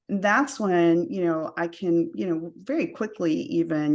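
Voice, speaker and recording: Gravelly-voiced woman coach, relaxed. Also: sits low. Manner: relaxed, frequent "you know" and "um" fillers. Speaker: guest, energy and career coach. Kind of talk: casual interview chat.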